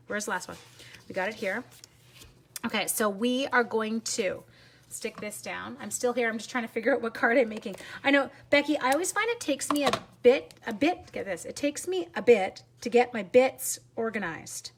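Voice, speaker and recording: A woman hosting a live papercraft tutorial, bubbly and chatty, quick to laugh while she answers viewers. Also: a little high, a little hiss or hum. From Canada. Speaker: papercraft demonstrator and teacher.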